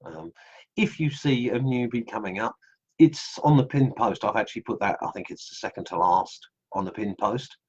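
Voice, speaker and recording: Deep husky man with Aussie-English accent. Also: lively intonation, moderate pace, dull audio. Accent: Australian with English traces. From England. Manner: rambling, many ums, reads comments aloud. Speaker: online group host. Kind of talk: casual live stream chat. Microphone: computer mic on live stream.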